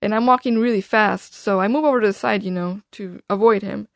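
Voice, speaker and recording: Fast-talking woman with a gravelly edge. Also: mid-range voice, no echo, studio quality. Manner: rapid, animated, full of "like" and restarts. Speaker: podcast guest. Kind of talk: casual storytelling chat.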